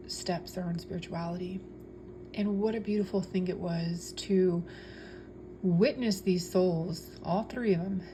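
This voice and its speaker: A tarot reader and spiritual vlogger talks casually but earnestly about spirituality, preaching with repeated phrases, lots of fillers, and frequent restarts. Her medium-pitched voice is mellow, with slight background noise.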